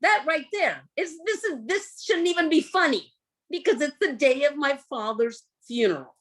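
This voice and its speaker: A woman presenting a humor workshop, telling personal stories with animated acting-out of scenes. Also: sits high, normal speed. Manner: animated storyteller who acts out scenes.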